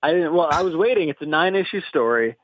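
Brief: male call-in guest, relaxed and amused, thin phone-line sound. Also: on the high side, fast, a little hiss or hum. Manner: relaxed, amused, laughs easily. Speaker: editor-in-chief, phone guest. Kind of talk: casual comic book chat.

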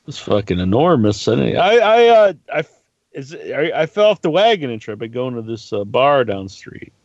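A man's voice: mid-range voice, big pitch swings, normal speed, a little mellow, no echo. Rambling, swearing storyteller man. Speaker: podcast co-host. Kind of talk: casual chat. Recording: slightly dull, dry recording.

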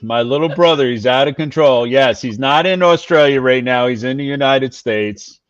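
An excitable, animated man from New York, a guest on a casual video call show. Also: mid-range voice, normal speed, no echo, highs cut off.

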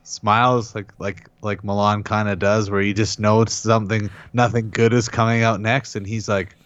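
Low-voiced man telling a story. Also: moderate pace, dry recording. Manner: animated retelling, quotes others in their voices. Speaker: podcast co-host. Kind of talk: casual storytelling chat. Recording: dull, dry lo-fi sound.

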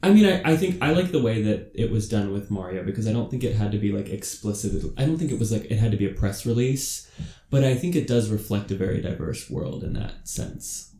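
A man in casual podcast chat, laid-back and chatty, with vocal fry. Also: lowish voice, animated, fairly quick, dark tone, roomy sound. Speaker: podcast host.

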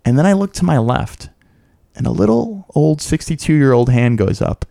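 A man's voice: normal speed, vocal fry. A man co-hosting a casual chat, telling a long story and acting out other people's voices. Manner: animated, acts out voices in a high squeal. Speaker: podcast co-host.

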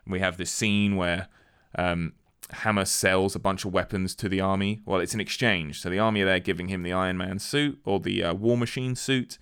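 A man casually recapping a film, acting out the characters' lines with animated energy. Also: sits low, brisk, smooth. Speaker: podcast co-host recapping a film. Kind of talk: casual chat.

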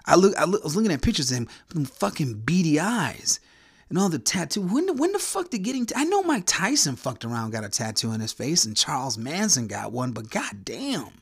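Male podcast host, foul-mouthed ranter, lively swings in pitch, dry close sound. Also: brisk, slightly rough, no room sound. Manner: angry, crude, heckling rant. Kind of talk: profane ranting monologue.

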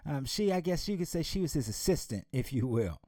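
A man's voice: on the high side, very animated, fairly quick, mellow, dry recording, studio quality. A man giving an emphatic motivational talk, posing rhetorical questions and telling a story. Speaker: motivational speaker.

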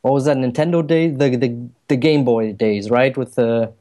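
A man from Germany co-hosting a podcast in casual chat, chatty and quick to laugh, sometimes putting on voices to make a point. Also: mid-range voice, mellow. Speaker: podcast co-host.

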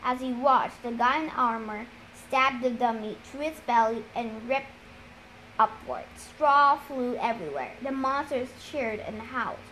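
A woman reading a novel aloud in a steady, deliberate storytelling manner. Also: on the high side, a little hiss or hum, low-quality recording. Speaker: reader. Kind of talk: audiobook-style reading of a novel.

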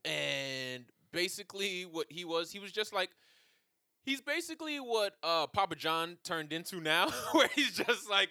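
A man riffing on a casual comedy podcast, his voice high and bouncing wildly in pitch. He tells stories with loose, profane energy and laughs often. The sound is close and dry. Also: measured pace, clean tone, no echo. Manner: animated, laughing, profane storytelling. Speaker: podcast co-host.

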